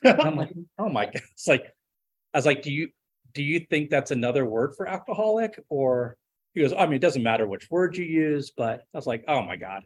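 A man's voice: fairly high pitch, fairly quick. Candid man telling his recovery story. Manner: animated, self-deprecating, acts out quoted voices. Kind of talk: personal testimony, casual storytelling.

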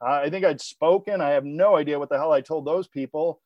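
A man sharing his story of recovery in a personal talk, halting, with many restarts and repeated words. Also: on the high side, dry recording. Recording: dull lo-fi recording.

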